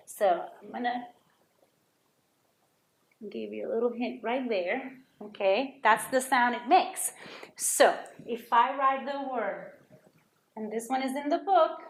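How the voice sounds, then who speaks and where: A woman's voice: a little high, echoey room. A woman teaching a Spanish lesson to children, patiently sounding out words and repeating them for students to copy.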